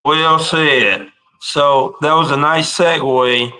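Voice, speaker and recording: A man's voice: a little high, steady tone, slow pace, bright, forceful tone, low-quality recording. A man hosting a casual interview in a laid-back, informal way. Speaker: podcast host.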